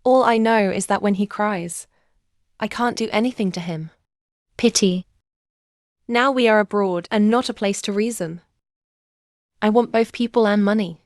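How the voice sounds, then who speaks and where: A woman dubbing dialogue for a young heroine in a short romance drama, speaking in a slow, measured way with plain, even phrasing. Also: medium pitch, no echo, studio quality, natural voice.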